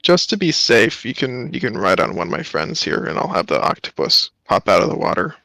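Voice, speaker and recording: A man's voice: medium pitch, very animated, a little fast, vocal fry, pushed and bright, dry recording, poor audio. A man playing a tabletop game, laid back with short, terse replies. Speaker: player. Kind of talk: casual tabletop play.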